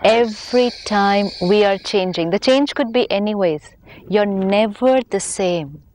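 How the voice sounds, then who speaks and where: A woman with an Indian English accent, a spiritual teacher calmly explaining ideas in a conversational talk, sometimes acting out inner dialogue. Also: medium pitch, a little slow.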